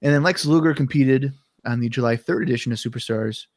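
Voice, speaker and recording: A man's voice: medium pitch, fairly quick, no echo. Male podcast co-host, casual and chatty, mid-range voice, throat catching, very dry sound. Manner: chatty, loose, trails off at sentence ends. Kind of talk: casual chat recapping wrestling.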